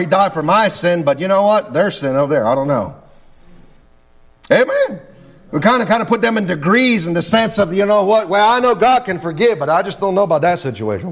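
A man preaching a sermon and praying, fervent and repeating "Amen" and "Lord God". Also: high voice. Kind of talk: sermon with prayer.

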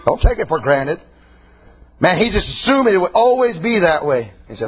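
A husky male preacher whose voice leaps high and wide as he shouts his points. He swings between high shouting and low, quiet asides. The recording is dull and lo-fi. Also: sing-song, moderate pace. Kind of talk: sermon.

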